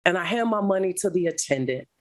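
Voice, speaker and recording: A middle-aged woman, a guest speaker, telling a personal testimony in an animated, dramatic way. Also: lowish voice, fast talker. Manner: animated, dramatic retelling with laughter. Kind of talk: storytelling testimony.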